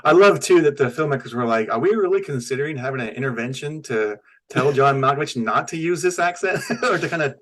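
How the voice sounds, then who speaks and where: A man's voice: mid-range voice, lively intonation, fast, few pauses, a bit bright. A man co-hosting a podcast, casually asking questions and chatting about a film. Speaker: podcast co-host. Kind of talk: casual movie chat.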